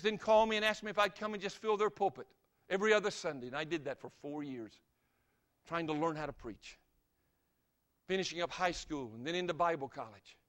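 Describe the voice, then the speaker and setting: High-voiced older man preaching dramatically. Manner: dramatic, with repeated rhetorical questions; swings from loud emphasis to soft, low asides. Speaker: evangelist preacher. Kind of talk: sermon.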